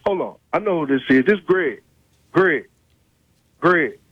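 A man's voice: a little high, lively intonation, a little slow, breathy edge, no echo, muffled recording. A man, angrily answering a prank call, swearing and repeating himself. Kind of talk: angry phone call.

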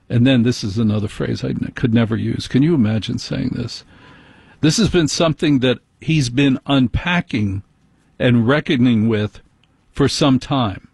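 A man's voice: mid-range voice, vocal fry, darkish tone, breathy edge, no room sound. A man hosting a talk radio show, ranting sarcastically and bluntly about things that annoy him. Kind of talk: opinionated talk radio monologue.

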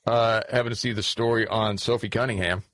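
A man's voice: on the low side, steady tone, brisk, a bit bright, no room sound. A man in his forties co-hosting a talk radio show, blunt and sarcastic in casual banter.

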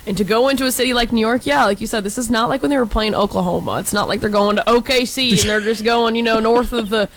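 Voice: medium pitch, quick pace, fairly bright tone, rough recording. A co-host from Texas in casual sports talk, hedging often with fillers and frank opinions.

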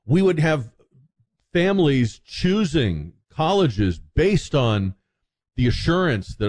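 A man's voice: fairly high pitch, sing-song, slow pace, a little mellow. A man hosting a talk radio show, delivering an opinionated, sarcastic monologue with frequent restarts.

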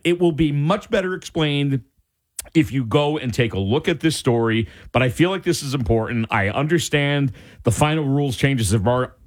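A male radio talk show host giving his indignant opinions in an animated way. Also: mid-range voice. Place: radio studio.

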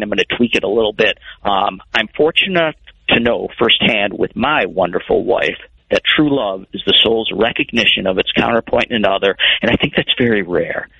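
A man's voice: fairly low pitch, breathy edge, dry recording. A man calling in to a sports radio show, chatty and friendly, heard over a phone line. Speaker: caller. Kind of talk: radio call-in.

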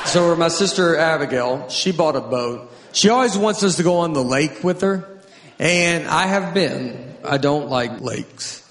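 A man's voice: on the high side, expressive, measured pace, roomy sound, in a large hall, a little hiss or hum. A man doing stand-up comedy, telling rambling, exasperated complaints.

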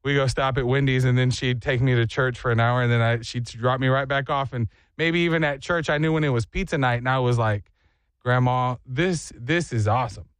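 A man hosting a morning radio show, telling stories in an animated way and mimicking other people's voices. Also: mid-range voice, a little fast, hardly any pauses, clear, resonant tone, dry recording. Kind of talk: casual morning radio chat.

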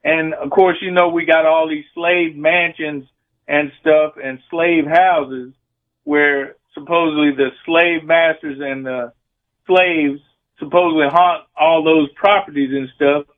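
A male radio caller with a Louisiana accent, speaking in a folksy, rambling way. His voice is high for a man. He comes through a thin, tinny phone line. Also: fairly even intonation, a little slow. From Louisiana, USA. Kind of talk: call-in radio question.

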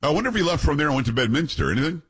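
A man hosting a radio talk show, teasing his co-hosts in quick, joking banter. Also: fairly high pitch, very animated, a bit bright, breathy edge.

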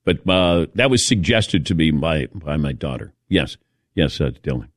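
A middle-aged man hosting a casual sports talk show, animated and self-mocking as he calls on his co-hosts by name. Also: extremely low pitch, moderate pace, dry recording, clean studio sound. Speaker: radio show host.

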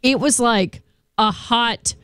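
A woman's voice: fairly high pitch, fairly bright tone, clean tone, no echo. A woman co-hosting a radio morning show, telling chatty stories in casual on-air banter from the studio. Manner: chatty storytelling, quick to laugh along. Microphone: studio microphone.

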